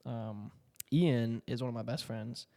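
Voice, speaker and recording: A man's voice: medium pitch, steady tone, unhurried, gravelly, warm tone, big-room sound. A man in his twenties from Puerto Rico, a content creator talking in a casual, rambling monologue full of slang, swearing and fillers. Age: 20s.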